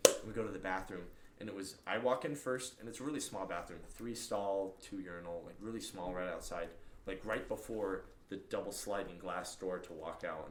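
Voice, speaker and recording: A young man co-hosting a casual podcast, telling a story with animated delivery and loud acted-out quotes. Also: low voice, a little hiss or hum. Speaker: podcast co-host. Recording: roomy echo.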